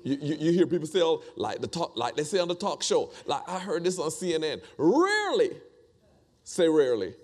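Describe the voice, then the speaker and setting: Man, preacher, high-pitched voice, conversational sermon, repetitive, rhetorical questions. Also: animated, fast, hardly any pauses, a little mellow.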